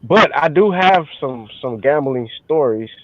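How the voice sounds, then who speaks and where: A man co-hosting a podcast, talking in a relaxed, easygoing way with lots of fillers. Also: a little high, unhurried, slight background noise. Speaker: podcast co-host. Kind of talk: casual chat. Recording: tinny phone-like line, dry.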